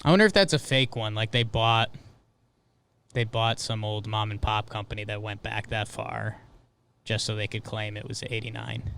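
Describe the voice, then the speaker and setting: A man's voice: lowish voice, moderate pace, gravelly, a bit bright. A man co-hosting a podcast in a studio, chatting casually with a curious manner, musing aloud and asking questions. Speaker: podcast co-host. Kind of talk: casual chat.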